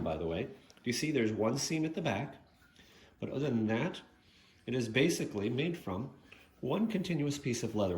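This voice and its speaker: A man's voice: mid-range voice, a little mellow, echoey room. A man chatting casually about his shoe collection, rambling with lots of fillers and asides. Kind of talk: casual show-and-tell vlog.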